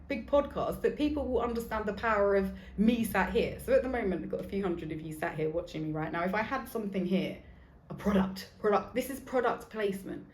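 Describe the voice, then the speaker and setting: A woman's voice: mid-range voice, lively intonation, brisk, darkish tone. Blunt, sweary woman podcaster, echoey room. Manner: blunt and sweary, rambling off on tangents. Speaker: podcast host. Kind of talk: casual solo podcast chat. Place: seated in a room recording a podcast.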